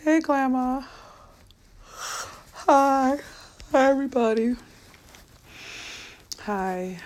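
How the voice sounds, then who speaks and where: A tired woman, chatting softly and a bit weepily to viewers on a live stream from her bed at home. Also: sits high, steady tone, takes it slowly, long pauses, slight background noise. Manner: soft and tired, weepy, talks to viewers by name. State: tired and low on energy. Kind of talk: casual live-stream chat. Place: bedroom at home.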